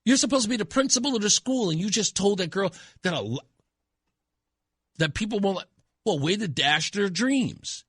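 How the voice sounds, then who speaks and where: A man's voice: high-pitched, expressive, moderate pace, a bit bright, breathy edge, no room sound, clean studio sound. A man hosting a talk radio show, delivering an indignant, emphatic opinion monologue.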